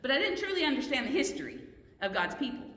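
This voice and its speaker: A woman's voice: sits high, sing-song, quick pace, fairly bright tone. A woman teaching a Bible study lesson, earnest and questioning, often restarting her sentences. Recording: roomy hall echo, mic at a distance.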